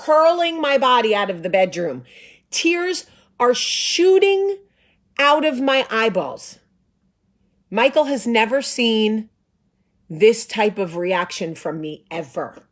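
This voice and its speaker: A woman's voice: fairly high pitch, a bit bright. A woman in her thirties hosting a show, telling a comic story in a dramatic, profane, emphatic way. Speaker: show host. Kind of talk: comedic storytelling.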